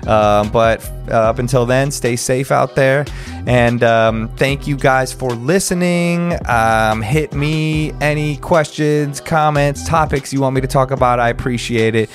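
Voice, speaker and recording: A man from the United States with an American accent hosts a casual podcast interview, speaking unhurriedly at a medium pitch. He's laid-back and slangy and laughs often, with soft music playing in the background.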